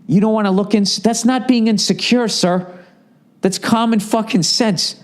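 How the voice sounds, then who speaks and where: Boston dude in his 40s going off on his podcast, kinda high voice, cussing nonstop. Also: moderate pace. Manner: swears constantly, mocking put-on voices. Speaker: podcast host. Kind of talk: profane comedic rant.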